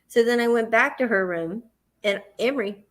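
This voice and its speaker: A livestream host with a Southern US accent and a voice on the high side speaks at a moderate pace. She recounts a long personal story, performing her own panic in the quoted parts.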